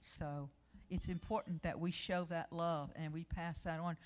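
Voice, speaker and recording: A woman's voice: deep voice, level tone, normal speed, few pauses. A middle-aged woman preaching a sermon, telling personal stories and reading scripture with rising emphasis.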